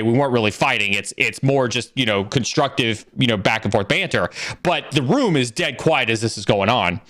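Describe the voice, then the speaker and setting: A middle-aged man hosting a casual livestream Q&A, answering career questions and telling stories with lots of fillers and restarts. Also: a little high. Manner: animated storyteller, fillers and restarts.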